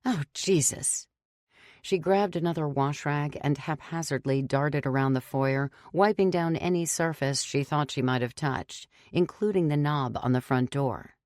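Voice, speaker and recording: A woman narrating a horror audiobook in a steady, measured reading. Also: low-pitched, dry recording, clean studio sound.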